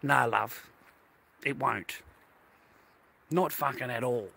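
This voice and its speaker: A man's voice: medium pitch, takes it slowly, gravelly, sharp tone, husky. A man venting to his viewers in an indignant, swear-filled rant while out on a walk. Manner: indignant, swears constantly, talks straight to viewers. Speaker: vlogger. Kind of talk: profane to-camera rant. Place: outdoors on a walk.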